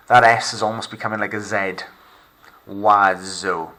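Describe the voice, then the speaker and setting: A man with a Welsh accent teaching a recorded remote lesson, modelling words slowly and clearly for students to repeat. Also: on the low side, flat delivery, bright, forceful tone. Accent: Welsh English.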